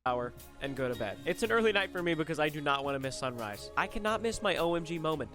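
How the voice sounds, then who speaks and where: A man's voice: fairly high pitch, quick pace. Playful young male vlogger over music. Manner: playful, jokey, excitable. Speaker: travel vlogger. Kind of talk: upbeat vlog narration. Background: background music.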